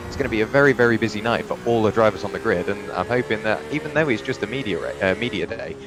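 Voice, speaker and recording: A man's voice: lowish voice, animated, quick pace, music in the background. A young man doing live sim racing commentary, chatty and rambling, with frequent restarts and asides.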